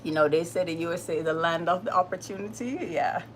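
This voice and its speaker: A woman's voice: lowish voice, quick pace, a little hiss or hum. A woman with a Jamaican accent hosting a casual livestream, greeting viewers by name in a chatty, upbeat way. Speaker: livestream host.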